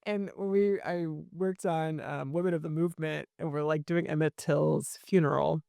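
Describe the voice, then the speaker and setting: A woman, an actress in her thirties, chatting casually as an interview guest, full of fillers and quick laughs. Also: deep voice, steady tone, gravelly, mellow, no echo, clean studio sound.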